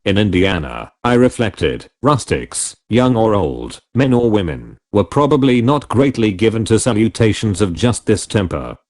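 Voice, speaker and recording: Male audiobook narrator, low voice, lively first-person reading. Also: moderate pace, few pauses.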